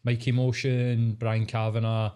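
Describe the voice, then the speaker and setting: A Scottish man of middle pitch, co-hosting a podcast. He asks his questions hesitantly, filling gaps with ums and likes, in relaxed conversation. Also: unhurried, smooth. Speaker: podcast co-host. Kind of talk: casual podcast chat.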